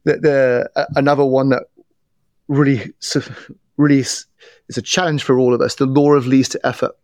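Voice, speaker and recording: A middle-aged man, a guest on a podcast, explaining how people's biases work in an animated way, telling stories and often restarting his sentences. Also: mid-range voice, moderate pace, no echo, studio quality. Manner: animated storyteller with repeated restarts. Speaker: podcast guest, bias trainer. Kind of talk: casual interview talk.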